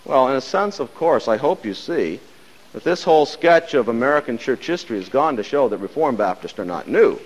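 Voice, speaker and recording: A man giving a measured, emphatic lecture on church history, dropping his voice at the ends of phrases. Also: medium pitch, animated, big-room sound, lo-fi sound.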